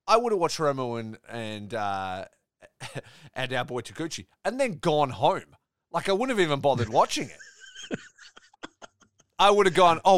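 A man's voice: mid-range voice, dry recording. A man vents on a casual podcast, his voice leaping up and down as he rants and swears. The sound is dry and close, with no room around it. He sounds worked up and talkative. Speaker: podcast co-host.

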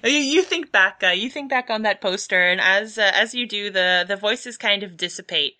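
A woman running a tabletop game as game master, narrating haltingly with many fillers. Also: mid-range voice, pushed and bright.

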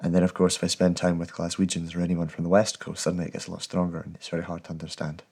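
A Scottish man in his thirties, a guest talking in a thoughtful, articulate and steady way in a casual interview. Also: low-pitched, racing, creaky, breathy edge. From Scotland. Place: at home.

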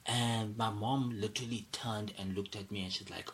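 A man's voice: lowish voice, little pitch movement, a little fast, hardly any pauses, a bit bright, a little hiss or hum. A young man hosting a solo podcast, angry and agitated, asking "do you understand" over and over. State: angry, irate. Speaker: podcast host.

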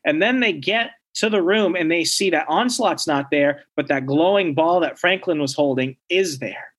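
A man's voice: on the high side, normal speed, fairly bright tone. A man casually recapping a comic book story, acting out the characters' lines as he goes. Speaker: comic book podcast co-host.

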